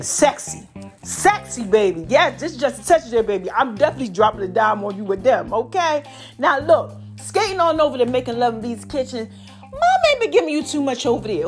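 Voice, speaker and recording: A podcast host with a fairly high voice chats casually, animated and drawn out, calling her listeners baby and y'all. Allergies leave her sounding a bit hoarse.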